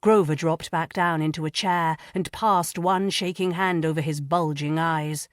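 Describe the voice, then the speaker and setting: A woman narrates a mystery novel in a calm, composed reading voice. Her voice sits on the low side and is recorded close and dry. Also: unhurried, no echo. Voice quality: even, composed. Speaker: audiobook narrator. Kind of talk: scripted narration.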